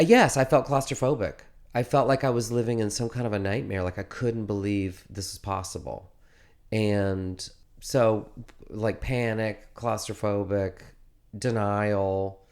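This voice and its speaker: Male interviewee, lowish voice, chatty, rambling, restarts a lot. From United States. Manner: rambling, animated storytelling with many restarts. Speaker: interviewed musician. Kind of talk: casual interview.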